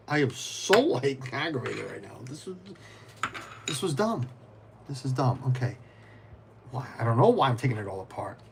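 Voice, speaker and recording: A man of middle pitch talks loosely on a live stream, circling his thoughts with false starts and fillers. He answers viewers by name, then drops into muttering to himself while he works with his hands. Faint noise sits behind him. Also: gravelly, a little mellow. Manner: rambling, many restarts, answers viewers by name. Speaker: livestreamer. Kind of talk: casual live-stream chat while building.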